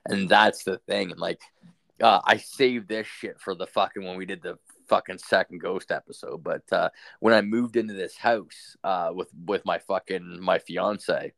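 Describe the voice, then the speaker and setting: A man's voice: low voice, steady tone, normal speed, gravelly, a bit bright, no room sound. A young man hosting a podcast, telling a story in a loose, rambling way, swearing constantly and leaning on fillers. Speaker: podcast host. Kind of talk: casual storytelling.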